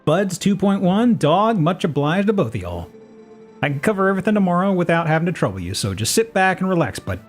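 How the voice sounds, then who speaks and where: A man's voice: high voice, big pitch swings, fairly quick, faint music behind, voice pushed up. A man voicing an easygoing male ranch hand in a folksy drawl while reading game dialogue.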